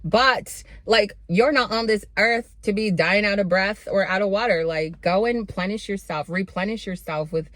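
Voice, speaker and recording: A woman's voice: medium pitch, moderate pace, hardly any pauses, a bit bright, dry recording. A young woman giving a sassy, blunt motivational pep talk straight to her viewers and calling them honey and babe. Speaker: self-improvement vlogger.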